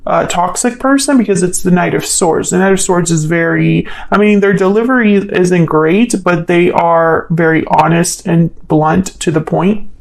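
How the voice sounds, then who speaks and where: A woman's voice: fairly low pitch, normal speed, hardly any pauses, poor audio. Woman thinking aloud through a tarot reading. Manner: thinks aloud, hesitant, questions the cards. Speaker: tarot reader. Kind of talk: solo tarot reading to camera.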